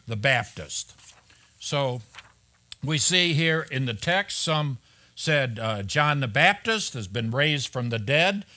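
A man's voice: mid-range voice, sharp tone. A man preaching an expository sermon as pastor, conversational and full of rhetorical questions, turning emphatic on key points.

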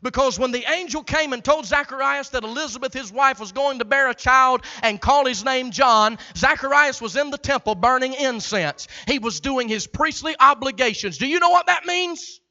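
A man preaching a sermon as pastor, in a rhythmic delivery that swells from hushed passages into shouts. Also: very high-pitched, moderate pace, few pauses, lo-fi sound.

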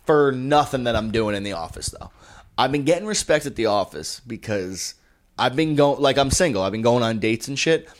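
Swearing, animated young male podcast co-host. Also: medium pitch, moderate pace. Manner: animated storyteller, swears freely. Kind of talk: casual comedic chat.

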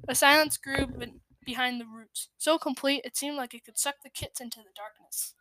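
A woman reading a children's storybook aloud, measured and expressive, sometimes dropping to a hush. Her voice is a little high. The sound is close and dry. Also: dry recording. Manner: expressive, measured, dips into hushed tones. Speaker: storybook reader. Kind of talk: scripted narration of a children's story.

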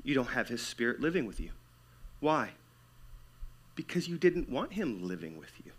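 A man preaching a sermon to his church, swinging between loud emphatic stretches and hushed, near-whispered lines. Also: mid-range voice, big pitch swings, moderate pace, breathy edge. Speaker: pastor.

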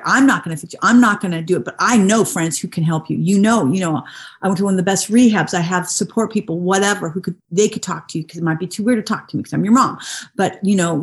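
A middle-aged woman speaking as an interview guest, telling stories in a lively, animated way with sudden jumps in pitch. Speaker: guest, actress. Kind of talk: candid conversational interview.

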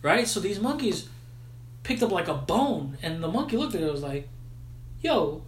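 A man's voice: high voice, very animated, brisk, roomy sound, slight background noise. A man hosting a podcast, casually recapping a film in slangy, swearing chat. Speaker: podcast host.

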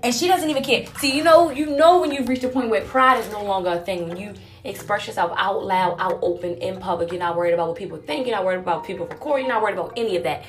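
A woman's voice: mid-range voice, fast, hardly any pauses. A woman hosting a talk show, telling a story in a candid, conversational way with plenty of casual fillers.

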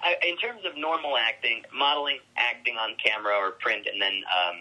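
A man's voice: mid-range voice, fairly quick, bright, forceful tone, poor audio. A man, a guest actor, talking casually in an interview, rambling with many restarts and fillers.

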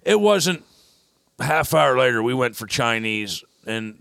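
A man's voice: mid-range voice, measured pace, vocal fry, no room sound, clean studio sound. A man hosting a podcast, telling a long rambling anecdote in casual chat and acting out the people in it. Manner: rambling anecdote with quoted voices, animated. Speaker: podcast host.

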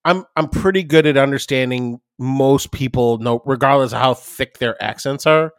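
A man's voice: medium pitch, normal speed, dry recording. A man co-hosting a podcast in casual chat, rambling and swearing freely while recording at his desk. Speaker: podcast co-host.

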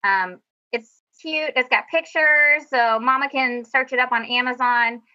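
A woman's voice: high voice, a little slow, pushed and bright, dull audio. A woman band director giving a chatty, upbeat, self-deprecating presentation over a video call. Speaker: middle school band director. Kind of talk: teacher presentation over screen share.

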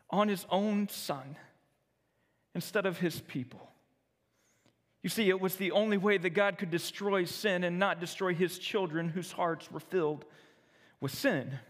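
A man narrating a children's storybook, expressive and dramatic, slowing for solemn moments, with long reverb. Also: sits high.

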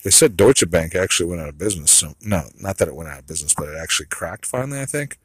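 A man's voice: low voice, animated, fast talker, slightly rough, dry recording, low-quality recording. A man delivering a rambling solo monologue, blunt and profane, trailing off into asides.

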